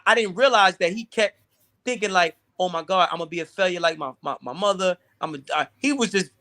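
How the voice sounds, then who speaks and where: A man's voice: high-pitched, pushed and bright. A man telling a personal story in casual, profane talk, often repeating himself. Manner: profane, halting, repeats words. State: teary. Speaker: guest.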